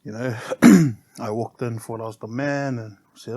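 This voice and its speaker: A middle-aged man with a New Zealand accent, a barber guest telling his story in a casual podcast chat, relaxed and often laughing. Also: mid-range voice, measured pace.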